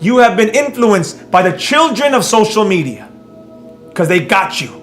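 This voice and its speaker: A man's voice: high voice, sing-song, normal speed, echoey room. A man teaching a live trading class in a brash, mocking, rambling way, with faint music behind. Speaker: trading instructor.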